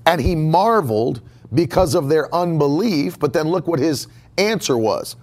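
A man's voice: a little high, animated, normal speed, darkish tone. A man preaching a sermon as pastor, emphatic and repeating his key phrases. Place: church sanctuary.

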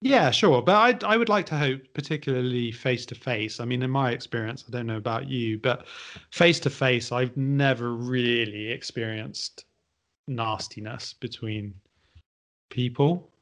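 A man's voice: mid-range voice, moderate pace, a bit bright. A man from England chats as a podcast guest in an ordinary mid-range voice. He sounds upbeat but hesitant, often repeating words as he restarts his sentences. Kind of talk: casual conversation.

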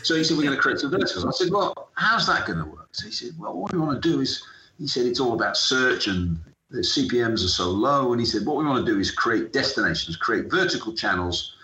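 Animated storytelling British man, echoey. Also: medium pitch, fairly quick. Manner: animated anecdotal, acts out dialogue. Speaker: guest, sports entrepreneur. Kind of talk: storytelling interview. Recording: echoey room, dull lo-fi sound.

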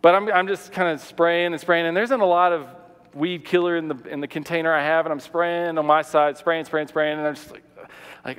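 A man preaching a sermon, telling a personal story in an animated way, often repeating words and acting out what people said. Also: fairly high pitch, brisk, clean tone, long reverb tail. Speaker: pastor.

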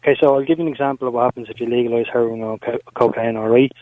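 A man's voice: medium pitch, fairly even intonation, very fast, no echo. A man calling in to a radio show, insistent and lecturing, impatient with the host. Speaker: caller. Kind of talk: arguing on a radio phone-in. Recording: tinny phone line.

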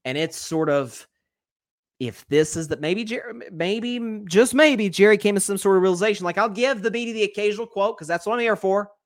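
A male sports talk host gives live commentary in an animated voice that sits a little high for a man. He keeps restarting and repeating words as he works out his thoughts, and he reads viewer comments aloud. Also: moderate pace.

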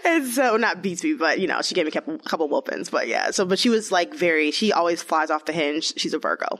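A woman's voice: low-pitched, quick pace. A young woman telling her own story in casual chat, full of "like" fillers and acted-out quotes. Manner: chatty, lots of "like", animated quoted voices. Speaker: interviewee.

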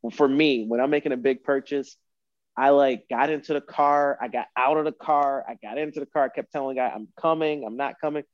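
A man tells a long personal story in an easygoing, rambling way, circling back over the same points. His voice sits at an average pitch, and the sound is dry and a little muffled, as if it came through a remote call. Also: a little mellow, dry recording. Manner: rambling, repeats himself. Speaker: podcast guest. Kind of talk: casual storytelling.

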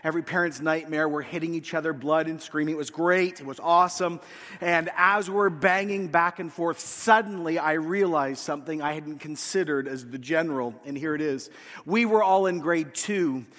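A man preaching a sermon to his congregation, telling a story with lively energy and shouting out the quoted lines. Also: fairly high pitch, normal speed. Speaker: pastor. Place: church hall, in front of a congregation. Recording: long reverb in a large hall.

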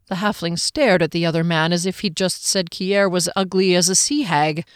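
A woman narrating a fantasy storybook in a measured, even manner. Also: lowish voice, clear, resonant tone, no room sound, studio quality. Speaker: audiobook narrator.

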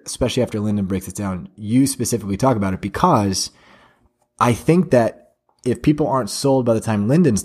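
Guy cohosting a podcast, kinda husky low voice, laid back. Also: darkish tone. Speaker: podcast co-host. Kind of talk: casual podcast chat.

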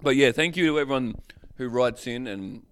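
An easygoing man co-hosting a podcast. His speech is relaxed and sweary, full of agreeing murmurs. The sound is dry and close. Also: mid-range voice, normal speed, clean tone, dry recording. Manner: easygoing, frequent "yeah" backchannels, sweary. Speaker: podcast co-host. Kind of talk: casual podcast chat.

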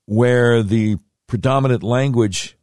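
A man's voice: medium pitch, takes it slowly, a little mellow, no echo, clean studio sound. A man hosting a podcast, giving rambling, sarcastic commentary with slangy asides. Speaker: podcast host.

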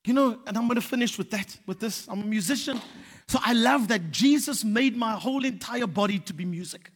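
Male preacher, high and bright, animated storyteller, reverberant hall. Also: a little fast. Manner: storytelling, animated, rising to shouted exhortation. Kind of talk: sermon.

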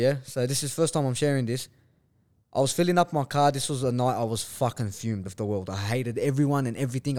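A man's voice: mid-range voice, darkish tone. A man, a podcast guest telling a story bluntly, with lots of swearing and slang. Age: 20s. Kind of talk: casual chat.

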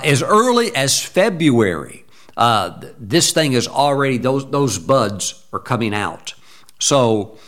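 A man preaches a sermon in an average-pitched voice, pressing his points with emphasis. He breaks into short bursts of praise between thoughts. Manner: emphatic, exclaims praise interjections. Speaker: pastor.

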